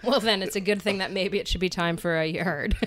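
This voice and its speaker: A woman's voice: mid-range voice, fairly even intonation, quick pace, background noise. A woman co-hosting a podcast in casual chat at home in a small apartment, teasing her co-host and laughing often.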